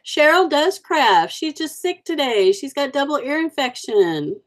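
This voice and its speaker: A woman's voice: sits high, big pitch swings, unhurried. Chatty woman hosting a livestream. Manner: chatty, warm-hearted, rambling with fillers. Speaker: livestream host. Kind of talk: casual live chat with viewers.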